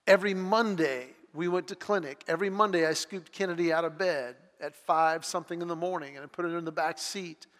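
A pastor preaching a sermon in an earnest, heartfelt manner that builds in intensity. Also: male voice, a little high, steady tone, fairly quick, few pauses, fairly bright tone, in a large hall. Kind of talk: sermon with personal storytelling.

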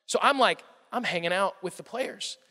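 A young man giving a comic storytelling talk to a live audience, animated and self-mocking with playful exaggeration. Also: high-pitched, moderate pace. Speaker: speaker addressing a live audience. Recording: long hall reverb.

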